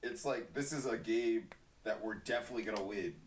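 A man's voice: lowish voice, a little fast. A young man from Brooklyn, a podcast guest, telling stories in a laid-back, laughing way. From Brooklyn, USA. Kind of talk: casual chat. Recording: distant mic with faint hiss.

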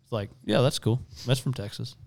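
A man chatting casually on a podcast, giving quick, emphatic opinions. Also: medium pitch, steady tone, a little mellow.

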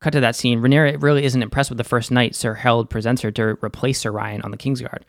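A man's voice: mid-range voice, little pitch movement, fast, creaky, no echo, studio quality. Chatty man with a Boston accent. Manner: chatty, slangy and opinionated. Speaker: show recap host. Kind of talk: casual recap commentary.

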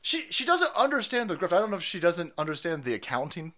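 A man's voice: high voice, sing-song, fast talker, pushed and bright. Foul-mouthed, sarcastic male streamer. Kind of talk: ranting commentary on news clips.

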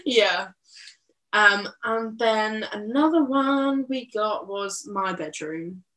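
A woman's voice: medium pitch, animated, slow, sharp tone, roomy sound. A young woman co-hosting a casual podcast, chatty and swearing freely. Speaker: podcast co-host. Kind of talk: casual chat.

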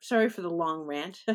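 A woman poet talking casually as an interview guest, rambling with frequent ums, uhs and restarts. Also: fairly low pitch.

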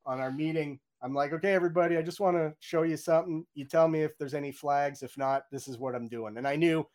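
Speaking quickly and chattily, this middle-aged man, a game audio director, recounts candid stories in an interview, voicing his reactions as quotes and often restarting or saying "you know." His voice is on the high side and a little mellow.

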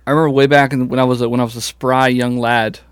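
A man's voice: medium pitch, little pitch movement, fast, smooth, no room sound. A young man co-hosting a podcast in casual, laugh-filled chat, swearing easily. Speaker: podcast co-host.

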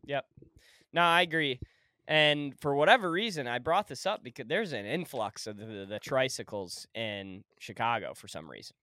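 Podcast co-host guy, lively up and down voice, bright and smooth, laughs a lot, dry sound. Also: mid-range voice, moderate pace, no room sound. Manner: animated, laughs easily, swears. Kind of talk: casual chat.

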